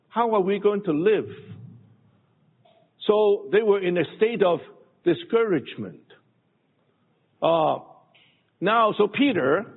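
Male preacher, slow halting sermon, raspy voice, phone-quality audio in a big echoing hall. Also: a little high. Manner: slow, halting delivery with many pauses and restarts.

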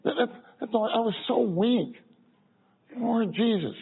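A man preaching a sermon to a congregation, repeating phrases and swinging between loud and soft. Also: very high-pitched, moderate pace, gravelly, husky. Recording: tinny phone-like sound.

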